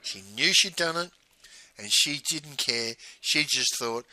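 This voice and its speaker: A man's voice: medium pitch, takes it slowly, bright, forceful tone, no room sound, rough recording. A middle-aged man, a business coach giving a blunt recorded teaching monologue and ending his points with "right?".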